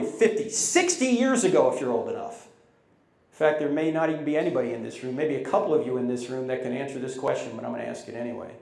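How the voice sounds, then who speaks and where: A man in his sixties, speaking live to a campus audience. He tells stories in a fairly high voice, and his voice rises sharply whenever he acts out other people's lines. The sound bounces around a large, echoey hall. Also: vocal fry. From United States. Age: 60s. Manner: animated storyteller, acts out quotes in raised voices. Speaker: Christian apologetics speaker. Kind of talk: live campus talk with storytelling and jokes.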